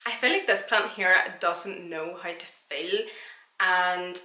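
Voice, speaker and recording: Young woman, home vlogger, chatty and self-deprecating; bright tone, roomy echo. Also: fairly low pitch, slow pace. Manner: chatty and self-mocking, laughs often. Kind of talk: casual plant tour vlog.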